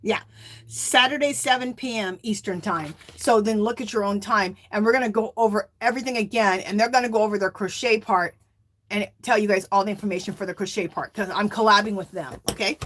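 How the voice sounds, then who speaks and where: A middle-aged woman hosting a casual live stream, chatting and reading viewer comments aloud in a warm, emotional way. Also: mid-range voice, a little fast. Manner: warm and emotional, near tears.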